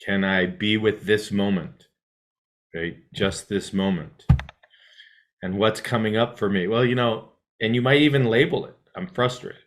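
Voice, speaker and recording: Low-voiced man teaching mindfulness. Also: steady tone, normal speed. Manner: rambling, many restarts and "right?" checks; drops to a soft hush when guiding breath. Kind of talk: casual mindfulness talk to a class.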